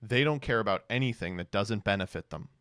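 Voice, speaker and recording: A man's voice: lowish voice, brisk, a bit bright, no echo, clean studio sound. A man streaming casual commentary, sarcastic and fond of mocking impressions.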